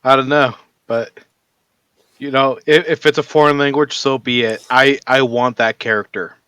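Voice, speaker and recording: A man's voice: mid-range voice, steady tone, normal speed, sharp tone, clear, resonant tone, dry recording. A man playing in a tabletop game, chatting casually and eagerly. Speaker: player.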